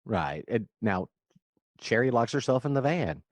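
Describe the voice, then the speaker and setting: This movie-podcast co-host joins from his room at home, recapping scenes in a rambling, casual way and laughing often. He speaks a little slowly in a medium-pitched, very animated voice, free of echo.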